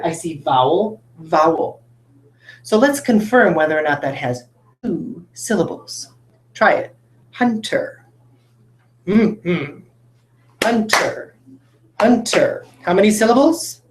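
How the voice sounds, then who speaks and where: A woman teacher leads young children through a phonics lesson in a classroom, speaking in a somewhat low voice. She talks to the class directly and encourages them as she demonstrates words. The room is roomy and echoes around her.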